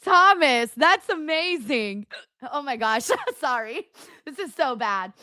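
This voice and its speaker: A woman's voice: sits high, big pitch swings, slow pace, bright, forceful tone, dry recording, studio quality. A woman hosting a live watchalong stream, chatting bluntly with her viewers in a casual, rambling way. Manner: chatty, blunt, full of fillers and asides to chat. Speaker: livestream host.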